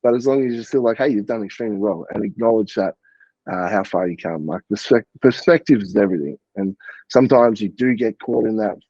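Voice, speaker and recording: A man's voice: fairly low pitch, brisk, dark tone, slightly rough, no room sound, lo-fi sound. A man, a podcast guest in casual chat, talking in an earnest, reflective way. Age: 30s. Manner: earnest and reflective, quotes himself.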